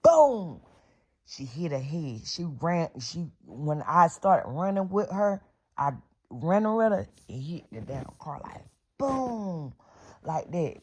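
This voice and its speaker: A woman's voice: low-pitched, expressive, slow, slightly rough. A middle-aged woman telling a casual storytime vlog story, blunt and full of profanity and sound-effect words.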